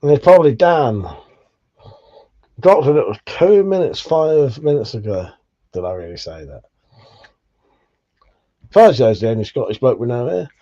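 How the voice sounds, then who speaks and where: Brief: man, livestream host, joking and cursing through chat, warm tone, muffled lo-fi sound. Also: medium pitch, sing-song, moderate pace, long pauses. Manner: swearing, joking banter. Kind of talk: casual live chat reading viewer messages.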